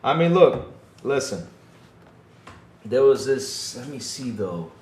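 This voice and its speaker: In an echoey room with slight background noise, a man hosts a casual gaming podcast. His mid-range voice is very animated yet slow and a little mellow. He chuckles easily, repeats himself, and tags his lines with "though."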